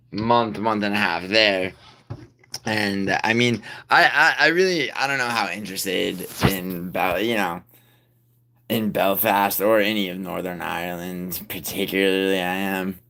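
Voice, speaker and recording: A man with a very low voice hosts a casual livestream and answers his viewers. He rambles through fillers and swears freely. He often drops to a mumble, then pushes loud and insistent. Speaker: livestream host.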